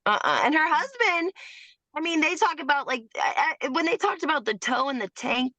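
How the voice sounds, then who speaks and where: A woman co-hosting a podcast, gossiping in an animated, slangy way. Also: high-pitched, normal speed, no echo. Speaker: podcast co-host. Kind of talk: casual gossip chat.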